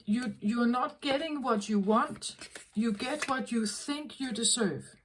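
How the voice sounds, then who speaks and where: A woman tarot reader talking in a slow, earnest, reflective way, often repeating herself as she works through a thought. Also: a little high, slight background noise, rough recording. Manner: slow, repetitive, earnest, self-correcting. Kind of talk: reflective spoken reading.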